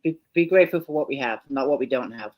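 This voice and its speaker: A woman hosting a live video chat with an author, relaxed, reading out viewer questions and affirming often. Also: a bass voice, fast, lo-fi sound. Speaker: host.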